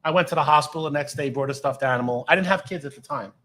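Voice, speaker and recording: Rapid-fire and on the high side, this middle-aged man's voice rings through a reverberant, rough recording. He's an ex-cop swapping blunt, swear-laden stories on a laid-back podcast, animated as he relives each one.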